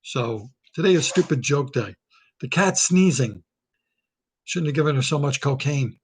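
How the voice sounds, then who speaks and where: A man hosting his own comic monologue, rambling and sarcastic, firing off quick jokes. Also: medium pitch, lively intonation, a little hiss or hum. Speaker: comedian and host.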